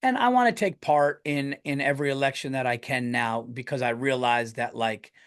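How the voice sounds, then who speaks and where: A man's voice: medium pitch, moderate pace. A middle-aged American man hosting his podcast, telling a rambling story in casual talk, swearing often and restarting his sentences. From United States. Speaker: podcast host and comedian.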